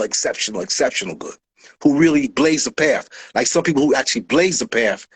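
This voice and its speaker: A man, a guest in a casual conversation, telling lively stories and acting out the people he quotes. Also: on the high side, breathy edge, low-quality recording. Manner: animated storyteller, acts out quoted voices. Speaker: guest, early hip hop dancer.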